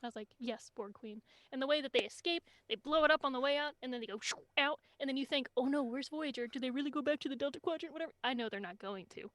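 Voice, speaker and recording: Young female podcast co-host, high-pitched, gushing, swearing, dry close sound. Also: racing, hardly any pauses, dry recording. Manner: excited, swearing, acts out scenes with quoted lines and laughs. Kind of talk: casual chat.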